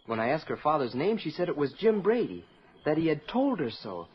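A man's voice: fairly high pitch, big pitch swings, fairly quick, slight background noise. An actor playing a polite, earnest teenage boy in a 1940s radio drama. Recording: dull old radio broadcast.

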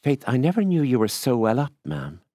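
A man's voice: medium pitch, huge pitch swings, fairly quick, warm tone, dry recording, clean studio sound, voice pushed up. A man reading a literary story, voicing a wheedling middle-aged Irish country farmer in an affable, folksy way. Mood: coaxing.

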